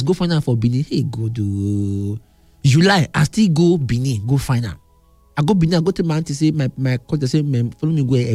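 A man's voice: a little high, no echo. A middle-aged man with a Nigerian Pidgin accent, animatedly telling a personal story in casual chat, repeating words and acting out what others said. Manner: animated, repetitive, acts out quoted lines.

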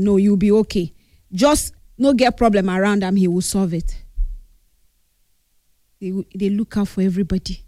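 A woman's voice: medium pitch, dark tone, no echo, clean studio sound. Grieving Nigerian woman, earnest tribute. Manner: earnest, mixes English with Pidgin. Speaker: grieving friend giving a tribute. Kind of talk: emotional spoken tribute.

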